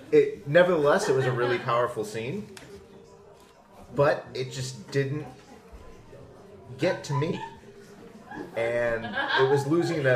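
A man in casual podcast chat, blunt in his opinions and laughing easily. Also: medium pitch. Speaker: podcast panelist. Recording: echoey room with crowd noise.

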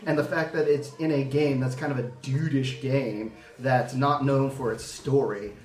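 A man's voice: mid-range voice, steady tone, moderate pace, a little mellow. A young adult man in casual podcast chat, telling a story earnestly with many fillers. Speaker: podcast panelist. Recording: roomy, from a distance.

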